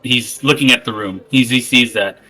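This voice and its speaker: A man at a tabletop game describes what his character does, stopping and repeating words. His voice sounds very bright and sharp. The pitch sits in the middle. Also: normal speed, low-quality recording. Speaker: player.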